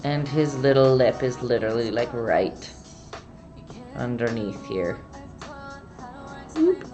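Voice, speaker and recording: A woman's voice: a bass voice, very animated, takes it slowly, muffled recording, over music. A woman hosting a casual painting tutorial livestream, chatty, reading viewer comments aloud and breaking off mid-sentence. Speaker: painting instructor and livestream host.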